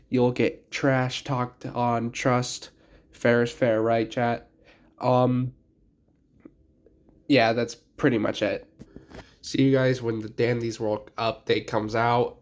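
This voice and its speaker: Sick-sounding young man talking games. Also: medium pitch. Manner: blunt, offhand, mildly crude. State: sick, stuffy voice. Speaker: gaming video creator. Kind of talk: casual game commentary.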